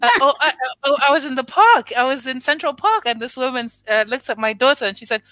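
A woman appearing as a guest, her voice bright and a bit high. She speaks reflectively, often stopping to restart a thought. The sound is dry and close, with no room around it. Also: fast, few pauses, no echo. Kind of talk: casual conversation.

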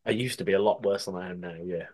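A man's voice: low voice, fairly even intonation, fast talker, a little mellow, breathy edge. A man co-hosting a podcast, chatting in an easygoing way. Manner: easygoing, laughs along. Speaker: podcast co-host. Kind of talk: casual chat.

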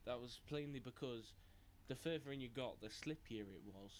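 A young man, co-hosting a podcast in casual chat, laid-back and a bit halting. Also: medium pitch. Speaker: podcast co-host.

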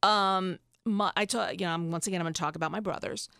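This is a woman in her fifties with a lowish, gravelly voice, heard close in a dry room. She tells personal stories candidly and emotionally, circling back with fillers and restarts. She slips into other people's voices when she quotes them. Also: steady tone, fast talker, bright, forceful tone, no room sound. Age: 50s. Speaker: podcast guest. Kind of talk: casual candid storytelling.

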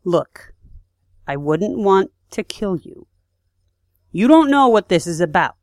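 A woman's voice: medium pitch, very animated, slow, no echo, studio quality. A woman reading the lines of a male German saboteur in her own voice, without an accent. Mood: threatening. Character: male German saboteur, composed, menacing, persuasive.

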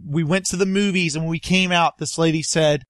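A man hosting a casual talk show, taking calls and rambling excitedly through stories. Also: fairly high pitch, a little fast, dry recording, studio quality. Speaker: show host. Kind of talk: casual podcast chat.

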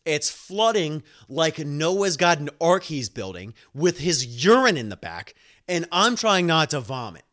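A man hosting a casual podcast, telling a long story with laughs, swearing and quick acted-out quotes. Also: a little high. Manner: animated, laughing, swearing, acts out voices in quotes. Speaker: podcast host.

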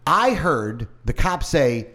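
A man's voice: a little high, slow pace. A man telling a story in casual chat, heated and profane, acting out the other people's lines as he goes. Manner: animated, profane, heated retelling with mimicked dialogue.

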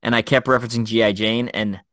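A fast-talking middle-aged guest co-host, formerly a Special Forces officer, recounts military experiences in a casual podcast chat, animated and littered with fillers and restarts. His pitch is medium, with no room sound.

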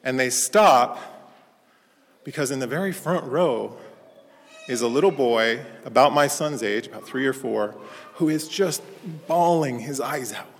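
At a measured pace and in a mid-range voice, a parish priest preaches in church through conversational storytelling, becoming animated as he relates anecdotes. The audio has a big-room quality.

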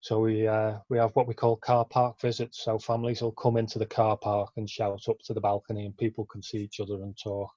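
A man's voice: fairly low pitch, completely flat delivery, fairly quick, hardly any pauses, dark tone, no echo, highs cut off. A man who works in a care home, talking in a hesitant way with many fillers. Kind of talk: casual interview.

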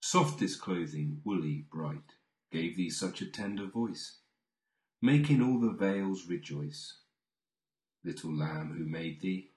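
A man recites verse at an unhurried, deliberate pace. His voice sits on the low side and swings between bold, lifted lines and soft, hushed endings. The room around him rings with echo. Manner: expressive, swelling on key lines and falling to near-whispers. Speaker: poetry reader. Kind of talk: slow dramatic poetry recitation.

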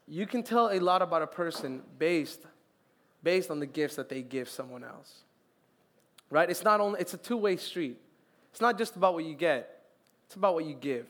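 A young man preaching a sermon as youth pastor, lively and joking, acting out little quotes. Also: sits high. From Colombian family, raised in Florida.

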